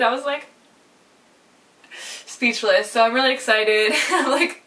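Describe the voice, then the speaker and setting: A young woman talking openly to her viewers in a casual, rambling way, full of "like" and quick laughs. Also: a little high, sharp tone. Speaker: vlogger. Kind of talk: personal vlog monologue. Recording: voice a little far from the mic.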